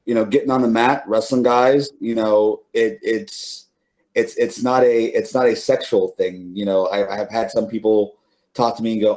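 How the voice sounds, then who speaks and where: A man's voice: lowish voice, fairly even intonation, moderate pace, darkish tone. A middle-aged man, an interview guest, telling stories casually with many fillers and restarts, laughing now and then. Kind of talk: casual storytelling.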